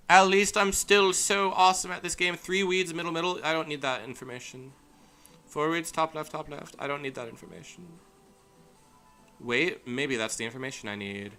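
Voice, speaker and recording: A man's voice: a little high, fairly even intonation, normal speed, sharp tone, clear, resonant tone, soft background music. A male streamer giving casual, goofy gameplay commentary, amusing himself as he talks. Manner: goofy, self-amused talking to himself.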